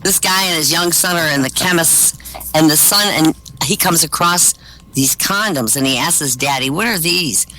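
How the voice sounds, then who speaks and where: A man's voice: a little high, normal speed, pushed and bright, slight background noise, low-quality recording. A man telling stand-up jokes at an open-mic show over online voice chat, chuckling at his own punchlines.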